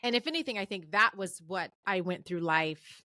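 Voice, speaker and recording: Woman guest in her 30s, crisp bright tone, dry close sound, emphatic encouraging delivery. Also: mid-range voice, animated, moderate pace, no echo. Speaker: guest, communications professor. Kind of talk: conversational podcast interview.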